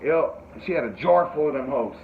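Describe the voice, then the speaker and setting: A man hosting a casual podcast, telling a rambling, animated story full of fillers and swearing, and jumping into high yelps when he quotes people. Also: moderate pace, creaky. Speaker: podcast host. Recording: tinny phone-like sound with faint noise.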